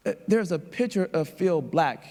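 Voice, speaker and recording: A man's voice: fairly high pitch, animated, moderate pace, mellow. A man voicing an easygoing female coworker who speaks plainly, in a hall with long reverb. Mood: amused.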